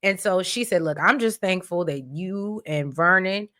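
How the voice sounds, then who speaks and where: A woman with a lowish voice recaps a soap opera episode in casual, chatty commentary. She speaks to her viewers as y'all and lets her feelings show, exclaiming over the big scenes. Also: measured pace, sharp tone. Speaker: recap host.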